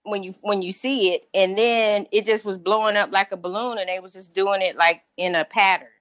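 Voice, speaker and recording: A woman in her thirties as an interview guest, telling her story casually in an excitable, animated way and acting out what people said. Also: mid-range voice, a little fast, dry recording. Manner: excitable, animated, acts out quotes.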